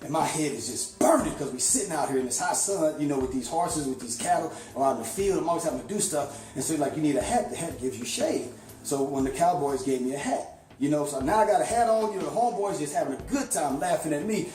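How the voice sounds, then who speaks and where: A man from St. Louis telling a long, rambling story in a casual, animated way, with lots of "you know.". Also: fairly high pitch, fast talker, echoey room, faint music behind. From St. Louis, USA.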